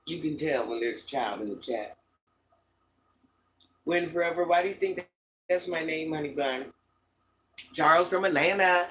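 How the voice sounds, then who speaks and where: An older woman hosts a casual livestream from home, chatting with viewers and greeting them with pet names. Her voice is low and a bit bright, and the recording is rough.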